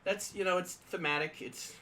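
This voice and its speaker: Male podcast co-host, bright tone, casual and rambling, light noise behind. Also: high voice, normal speed, rough recording. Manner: chatty, reads rules aloud with many fillers. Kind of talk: casual tabletop game discussion.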